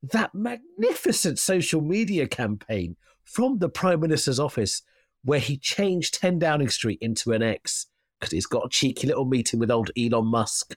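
A man, a comedian, talking mock-serious and deadpan with cheeky asides. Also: medium pitch, moderate pace, dry recording, clean studio sound. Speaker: comedian correspondent. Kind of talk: comic chat.

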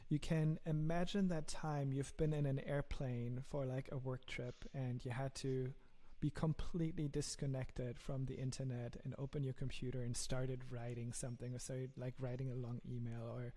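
A man's voice: medium pitch, flat delivery, moderate pace, hardly any pauses, warm tone. A man with a German accent, a startup founder talking earnestly in an interview, often repeating words as he thinks. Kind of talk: casual interview talk.

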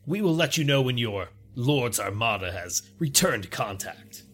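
A man's voice: mid-range voice, lively intonation, a little slow, a bit bright, soft background music. A man voicing a stern Githyanki warrior who gives formal, clipped orders. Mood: commanding.

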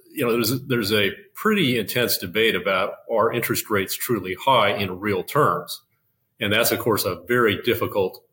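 An older man with a fairly low voice explains things patiently as a guest in an interview. He talks in a measured way, often pausing on fillers and starting sentences over. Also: fairly bright tone, poor audio. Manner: measured, frequent fillers and restarts. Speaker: investment officer, guest.

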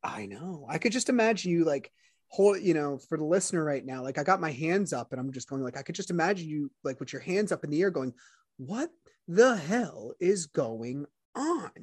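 A man's voice: a little high, lively intonation, fast talker, no room sound, studio quality. Sympathetic male podcast host. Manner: sympathetic, reacts with short exclamations. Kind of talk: casual interview chat.

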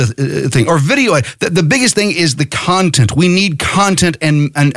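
A man's voice: on the high side, no room sound, clean studio sound. A middle-aged American man hosting a podcast, delivering a fiery, profane political monologue that urges listeners to act. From United States. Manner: fiery, profane, rallying exhortation. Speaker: podcast host.

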